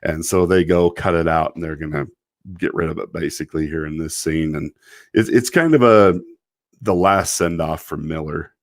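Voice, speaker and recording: A man's voice: very deep voice, normal speed, no room sound, studio quality. A man casually reviewing a TV episode on a live stream, rambling, often breaking into laughter and apologizing. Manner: quotes characters in mock voices.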